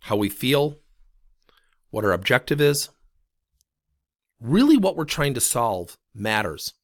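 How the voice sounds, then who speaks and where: A man's voice: mid-range voice, takes it slowly, dry recording, studio quality. A man teaching leadership coaching, telling a story and acting out the dialogue. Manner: animated, retells conversations with quoted dialogue.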